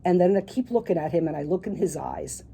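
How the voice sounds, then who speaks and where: A middle-aged woman, an author being interviewed on the radio, telling a personal story with animated quoted dialogue. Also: on the low side, quick pace, creaky, a little hiss or hum. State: tearful at moments.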